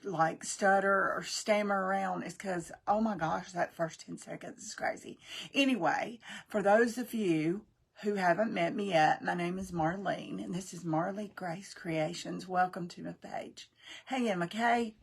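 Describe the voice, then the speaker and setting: A woman's voice: fairly low pitch, a little slow, vocal fry, slightly rough. A woman hosting a craft livestream, chatting casually and greeting viewers by name. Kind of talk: casual live-stream chat.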